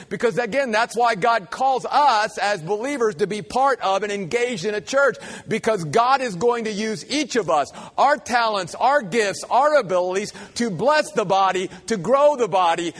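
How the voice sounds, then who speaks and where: A man with a notably high voice delivers a sermon to his congregation. He builds in rhythmic repeated lines and slows to stress each word. His voice carries a long reverb from the church hall. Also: fairly bright tone. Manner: emphatic preaching with slow stressed phrases and repeated lines. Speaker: pastor.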